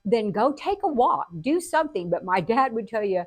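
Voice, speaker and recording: An older woman hosting a show, telling personal stories in a casual, animated way. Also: fairly high pitch, moderate pace, no room sound. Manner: animated, acts out quotes with laughter. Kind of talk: casual storytelling.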